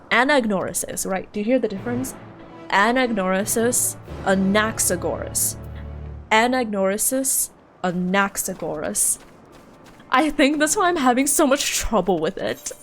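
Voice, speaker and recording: A woman streaming a game live, giggly and playful, chatting with her viewers and practising how to say words. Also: medium pitch. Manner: giggly and playful, chats with viewers and drills pronunciations.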